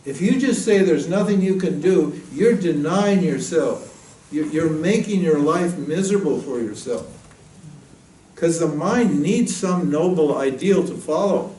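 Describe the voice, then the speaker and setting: A man giving a spiritual talk, telling a story in a lively, jokey way. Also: a little high, unhurried. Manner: lively, jokey storyteller who laughs at his own jokes. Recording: roomy, distant mic, faint ambience.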